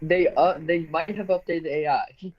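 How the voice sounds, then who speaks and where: A man co-hosting a stream, reacting with quick comments and frequent laughter. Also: on the high side, fairly even intonation. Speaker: co-host on stream. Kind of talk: casual banter. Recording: dull lo-fi mic, keyboard typing.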